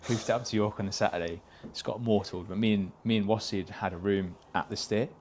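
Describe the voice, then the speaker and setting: A man's voice: on the low side, steady tone, fast talker, darkish tone, a little hiss or hum. A man, a podcast guest telling casual anecdotes, swearing freely and laughing through his stories. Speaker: podcast guest, stock car racing driver.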